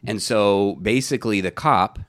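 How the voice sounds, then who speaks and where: A man's voice: fairly low pitch, normal speed, clean tone, dry recording, studio quality. A man co-hosting a podcast in casual chat, rambling and searching for names with lots of fillers. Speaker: podcast co-host.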